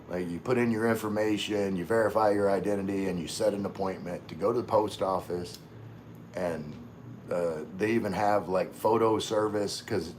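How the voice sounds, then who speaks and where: A man hosting a casual livestream, chatting with viewers in a halting way full of fillers and restarts. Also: low-pitched, slight background noise. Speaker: livestream host. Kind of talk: casual live chat with viewers.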